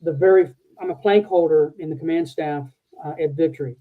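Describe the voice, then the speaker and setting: A man's voice: a little high, steady tone. Older man telling war stories by phone. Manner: rambling, halting storyteller. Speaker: guest, retired military officer. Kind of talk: conversational war story. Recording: tinny phone-like line.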